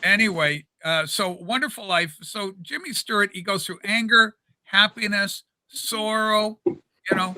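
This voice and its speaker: A man hosting a casual livestream chat, rambling and animated with plenty of fillers. His voice sits high for a man and sounds very bright and sharp. The desk mic picks him up dry and close. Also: a little slow, few pauses, dry recording. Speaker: livestream show host. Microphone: desk microphone.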